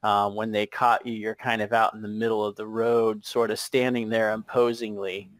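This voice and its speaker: A man narrating a tabletop game as game master, unhurried and hesitant with many fillers. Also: fairly low pitch, flat delivery, dry recording.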